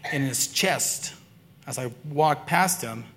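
A man's voice: mid-range voice, slow pace, a little hiss or hum. Earnest man preaching a testimony. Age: adult, father and son-in-law. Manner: earnest storytelling, swinging between quiet and excited. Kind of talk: sermon testimony.

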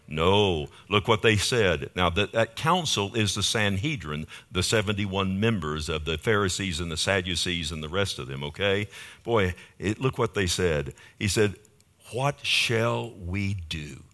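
A pastor preaches a sermon at a church in Fort Worth, his deep voice animated and fairly bright at a moderate pace. He speaks emphatically, punctuating his points with "amen?" asides to the congregation.

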